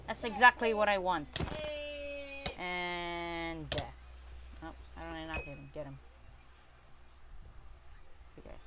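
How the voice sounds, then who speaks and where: A woman with a light, thin voice giving casual, excitable commentary over her own gameplay. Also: medium pitch, background noise. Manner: excitable, chatty, bursts into laughter and cheers. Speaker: gaming YouTuber.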